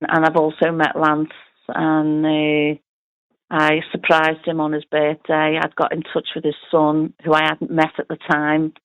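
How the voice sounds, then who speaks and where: A woman's voice: low voice, completely flat delivery, a little slow. A middle-aged woman with a Liverpool accent, telling her family story in an interview, chatty and full of quoted dialogue. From Liverpool, England. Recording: tinny phone-like audio.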